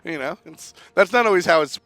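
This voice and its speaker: A man giving analytical color commentary on a video game match, relaxed and quick to laugh. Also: high voice, vocal fry, dry recording. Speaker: esports caster.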